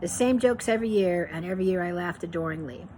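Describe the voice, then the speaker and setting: A woman from Pittsburgh reading her memoir aloud in an unhurried, reflective way, now and then correcting herself. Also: lowish voice, darkish tone, slight background noise, low-quality recording. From Pittsburgh, USA.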